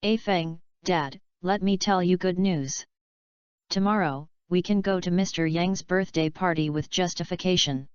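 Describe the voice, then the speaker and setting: A scheming middle-aged father from a wealthy family, pushy and eager as he lays out his plans, read by a woman narrator. The tone sits low, smooth and very clear. The audio is dry and a little dull and lo-fi. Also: a little slow, no room sound, lightly acted.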